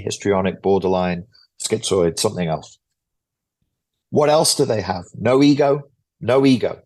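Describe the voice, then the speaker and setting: A man, a guest author, explaining a psychology topic in an interview in a blunt, lecture-like way, swearing freely. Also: fairly low pitch.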